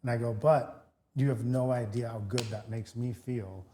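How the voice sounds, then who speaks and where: A man's voice: medium pitch, normal speed, slight background noise. A man co-hosting a podcast, telling a story in casual chat and acting out both sides of the conversation, with lots of restarts. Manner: animated storyteller, many restarts, acts out both sides of dialogue. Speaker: podcast co-host, real estate broker.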